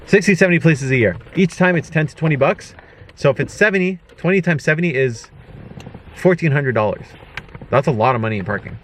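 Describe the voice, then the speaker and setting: A man hosting a vlog from inside a car, joking and teasing in casual chat, jumping up in pitch for his punchlines. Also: lively intonation, fairly quick, a little hiss or hum. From Canada. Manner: playful, teasing, jumps to high exclaims. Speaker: vlogger host.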